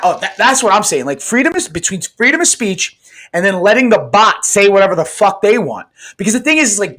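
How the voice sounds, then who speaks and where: A man co-hosting a podcast in casual chat, talking emphatically with lots of swearing and often asking "right?" for agreement. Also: sits high. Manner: animated, profane, emphatic, keeps asking "right?". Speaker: podcast co-host.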